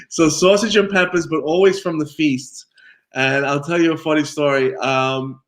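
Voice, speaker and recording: Lively storytelling man, fairly high voice. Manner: animated storyteller, laughs often. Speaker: guest pizzaiolo. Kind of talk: casual interview chat.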